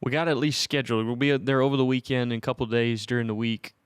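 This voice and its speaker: Man, podcast co-host, casual rambling chat, clear smooth voice, dry close sound. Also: medium pitch, fairly even intonation, fast, dry recording. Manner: rambling, chuckles often.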